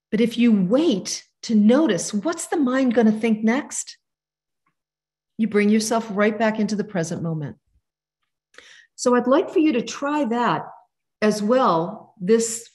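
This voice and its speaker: A woman in her fifties teaching a meditation lesson over a video call, gentle and conversational. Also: fairly high pitch. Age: 50s. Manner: warm, gentle, conversational with soft asides. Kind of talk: live online teaching.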